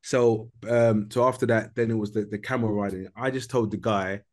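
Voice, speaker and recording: Homme animé qui raconte en argot londonien. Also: male voice, on the low side, normal speed, few pauses. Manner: animated storytelling, lots of slang. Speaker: podcast co-host. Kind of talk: casual chat.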